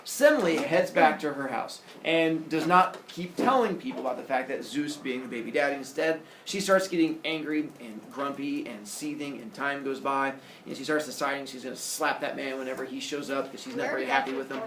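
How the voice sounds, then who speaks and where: A man's voice: mid-range voice, brisk, few pauses, a crowd in the background. A male teacher retelling a myth to his class in a playful, jokey way. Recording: echoey classroom from far off.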